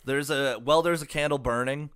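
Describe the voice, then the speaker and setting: A man's voice: on the high side, fairly even intonation, normal speed, fairly bright tone, clear, resonant tone, no echo, clean studio sound. A young man co-hosting a casual album review podcast, swearing a lot and rambling with fillers. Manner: profane, rambling, lots of fillers. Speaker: podcast co-host.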